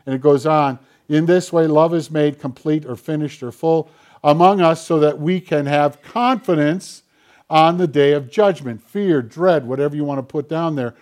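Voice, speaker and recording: A man preaching a sermon in an easy, conversational way, slipping into little acted-out exchanges. His voice sits a bit higher than most men's. He talks like a pastor walking a congregation through a passage. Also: moderate pace, darkish tone. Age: older. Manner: conversational preaching, acting out quoted dialogue.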